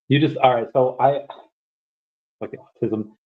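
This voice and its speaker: A man's voice: medium pitch, moderate pace, pauses often, narrow, tinny audio. A man hosting a casual crypto livestream, rambling with many fillers and restarts and chatting with viewers. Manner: rambling, many fillers and restarts, bursts into shouted movie-quote impressions. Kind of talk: casual livestream chat, reading chat comments.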